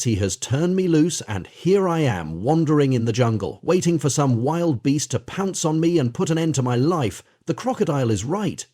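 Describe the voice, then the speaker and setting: Worn-out old donkey in a storybook tale voiced by a man, resigned and bitter, mellow and husky. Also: mid-range voice.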